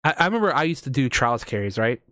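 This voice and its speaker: An American man hosting a casual podcast chats in a medium-pitched, very animated, quick and sharp voice. He rambles and swears, full of fillers and restarts, and the close-miked recording is dry.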